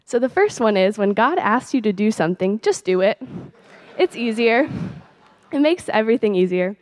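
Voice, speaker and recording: A woman's voice: a little high, big pitch swings, normal speed, dry recording. Chatty teenage girl, dry close sound. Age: late teens. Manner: chatty, peppered with "like" and soft laughs. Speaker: speaker sharing a faith testimony. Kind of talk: personal testimony talk.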